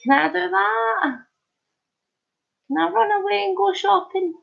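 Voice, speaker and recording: A chatty woman with a high voice talks slowly and giggles often as she answers comments on her live stream from home. She sounds hyper and wide awake. The stream audio is slightly muffled and lo-fi. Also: creaky.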